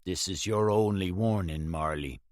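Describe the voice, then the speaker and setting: A man reading an audiobook, voicing a cool, menacing gunman hero who threatens calmly and mockingly. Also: mid-range voice, moderate pace, dry recording, clean studio sound, lightly acted.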